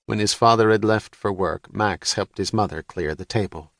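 A man narrating an audiobook for young readers in a measured, even storytelling manner. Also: fairly low pitch, dry recording. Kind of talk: scripted narration. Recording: dry studio.

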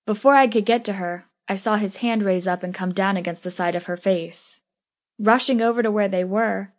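Woman, audiobook narrator, first-person story, steady, mid pitch. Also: brisk.

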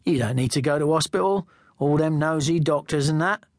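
A man's voice: fairly high pitch, brisk, no echo, clean studio sound, close to an everyday voice. A blunt, short-tempered teenage thug, as a male reader puts him on. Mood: dismissive. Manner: blunt, dismissive.

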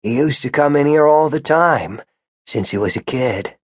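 A man voicing an indignant, suspicious old male shopkeeper in an audiobook, with a husky, rattling voice and slow, pointed questions. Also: a little high, lively intonation, no echo, studio quality, voice pushed up. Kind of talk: audiobook character voice.

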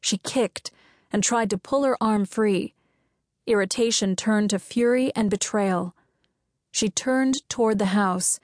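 A woman's voice: medium pitch, unhurried, darkish tone, dry recording, studio quality. Woman narrating a romance audiobook. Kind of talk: scripted narration.

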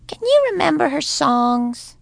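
A woman's voice: high voice, very animated, measured pace, vocal fry, no echo, pitched above the performer's own voice, full character voice. A woman voicing an earnest young farm boy who misses his mother, asking eager, plain questions. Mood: wistful.

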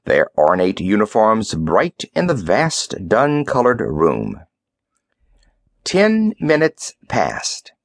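Expressive male audiobook narrator. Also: medium pitch, dry recording, studio quality. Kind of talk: scripted narration.

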